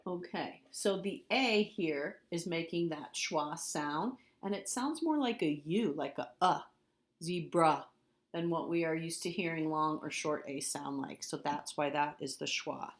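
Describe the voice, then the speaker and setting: A woman's voice: low-pitched, a little slow, few pauses. A woman teacher giving a recorded spelling lesson, patiently repeating words and spelling them out letter by letter.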